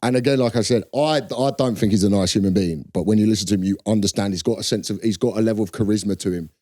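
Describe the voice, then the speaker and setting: A man in his thirties co-hosting a casual comedy podcast, telling animated stories and slipping into mocking voices. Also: lowish voice, very fast, no room sound, studio quality. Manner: animated storyteller, slips into mocking impressions. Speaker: podcast co-host.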